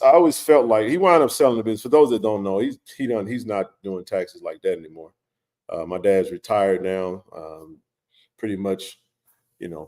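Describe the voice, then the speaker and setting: Chatty man telling a story. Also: on the low side. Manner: animated, conversational, many fillers and restarts. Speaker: livestream host. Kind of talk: casual storytelling to a live chat.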